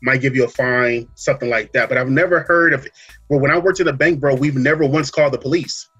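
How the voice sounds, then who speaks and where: Husky-voiced male podcast host, easygoing storyteller, light music under. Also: mid-range voice, fast, lo-fi sound. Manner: relaxed storytelling, many fillers and "you know what I'm saying". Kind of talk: casual chat.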